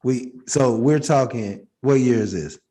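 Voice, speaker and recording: A man's voice: medium pitch, unhurried, warm tone. A man hosting a casual interview who asks questions and laughs along with his guest. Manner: laughs along, short backchannel replies. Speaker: interview host.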